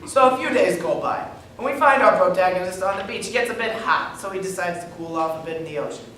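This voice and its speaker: A man's voice: sits high, fast talker, sharp tone, a little hiss or hum. A man playing a cocky crude comedian. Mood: cocky, joking. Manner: wisecracking, crude joke delivery. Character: brash young male stand-up comedian, crude and cocky. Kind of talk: stage acting in a reading. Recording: echoey room from far off.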